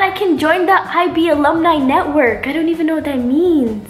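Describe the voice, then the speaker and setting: A young woman, a college vlogger, talks casually to the camera at home in a high voice at a normal pace. She's chatty and leans heavily on fillers, saying "like" and "literally" a lot. The room is roomy and echoey, with music playing behind her.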